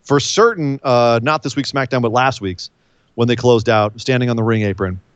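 A man's voice: mid-range voice, normal speed, clear, resonant tone, no room sound. A man co-hosting a casual wrestling podcast, joking and rambling as he recaps the week's shows. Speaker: podcast co-host.

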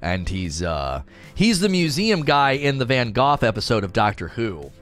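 Chatty man with a lively voice. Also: mid-range voice, moderate pace, faint music behind. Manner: rambling, chatty, animated. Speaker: streamer reading chat. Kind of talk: casual livestream chat.

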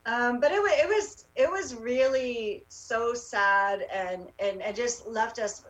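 A woman, a rally organizer, tells her story in a casual interview, halting often with fillers and restarts. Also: a little high, distant mic, low-quality recording. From Canada.

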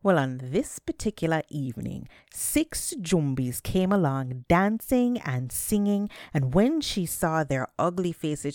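Animated woman storyteller, dry close sound. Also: low-pitched, dry recording. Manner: animated, dramatic, drawn-out words. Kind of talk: folktale storytelling.

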